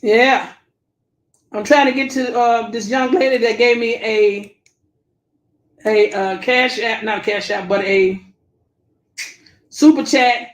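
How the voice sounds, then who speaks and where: Woman host, high pitch, blunt repetitive commentary, roomy sound. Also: fairly even intonation, slow pace, long pauses. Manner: blunt, preachy, repeats herself, Southern Black vernacular phrasing. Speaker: livestream host reading viewer comments. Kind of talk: casual commentary livestream.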